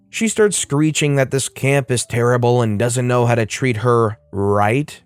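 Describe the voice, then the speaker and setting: A man's voice: mid-range voice, a little mellow, no room sound. A man reading online stories aloud in a casual way, dropping wry asides. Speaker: story narrator.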